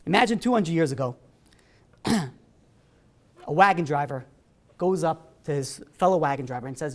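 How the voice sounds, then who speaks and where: A man's voice: a little high, unhurried, long pauses. A man, a rabbi giving a holiday sermon in a synagogue, telling stories and acting out the people in them in a loose, conversational way with frequent fillers. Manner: animated storyteller, voicing characters in dialogue. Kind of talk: holiday sermon with acted-out anecdotes.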